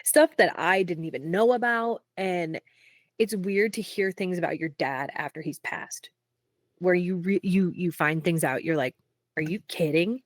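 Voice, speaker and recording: Candid low-voiced woman songwriter. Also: no room sound, clean studio sound. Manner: frequent "like" fillers, quick laughs. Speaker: singer-songwriter guest. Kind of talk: candid casual interview.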